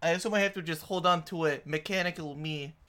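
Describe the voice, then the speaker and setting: A man's voice: a little high, fast talker, sharp tone. A man playing in a tabletop game, talking in a slightly formal, huffy way. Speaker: player. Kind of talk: casual tabletop play.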